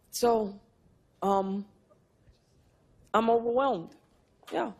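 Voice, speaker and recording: A woman's voice: fairly low pitch, measured pace, a little mellow. A woman in her fifties, an actress answering questions backstage in a press room, speaking in a reflective, heartfelt way. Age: 50s. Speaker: award-winning actress, interview guest.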